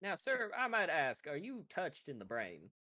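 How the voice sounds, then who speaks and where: A man voicing an older southern gentleman bounty hunter with a put-on American Southern drawl. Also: fairly high pitch, wildly swooping pitch, moderate pace, no room sound, heavily acted.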